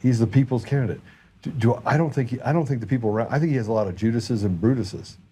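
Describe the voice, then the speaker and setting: A man's voice: mid-range voice, quick pace, a little hiss or hum. A man hosting a podcast, chatting casually and telling a story with acted-out dialogue. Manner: animated storyteller, acts out dialogue. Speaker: podcast host.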